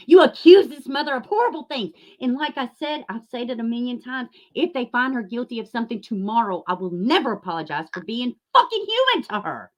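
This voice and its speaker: A woman rants on her livestream in a high voice. She swears often and turns sarcastic and furious, then talks straight to people in her chat. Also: sing-song, fairly quick, few pauses. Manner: angry, profane, sarcastic; addresses chat viewers by name. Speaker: YouTube channel host. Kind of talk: livestream rant.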